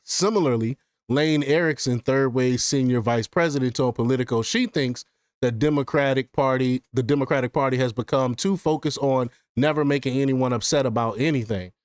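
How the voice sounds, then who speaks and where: A man's voice: medium pitch, brisk, no room sound. Dry-voiced man reading news with asides. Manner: reads quotes, then breaks into laughing asides; stumbles and repeats words. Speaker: political commentary host.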